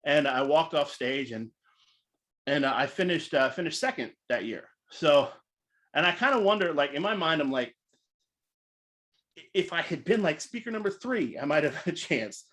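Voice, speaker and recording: Animated storytelling man with a higher voice. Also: moderate pace, pauses often. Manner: animated, acts out voices, filler "like". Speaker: featured speaker. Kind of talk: casual storytelling talk.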